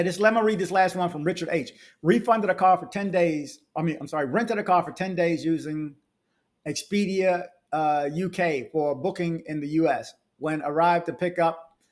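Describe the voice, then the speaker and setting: Ranting man reading travel reviews aloud. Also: a little high. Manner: ranting, animated asides, frequent restarts. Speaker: travel vlogger. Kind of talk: casual commentary reading reviews.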